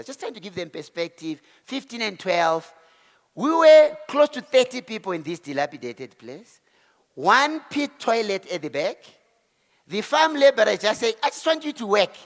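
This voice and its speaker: A South African man in his forties giving an animated motivational talk to a live audience, telling his story and acting out the voices of the people in it. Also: high voice. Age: 40s. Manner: animated storyteller who acts out quotes and exclamations. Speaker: keynote speaker. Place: event hall. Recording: hall reverb.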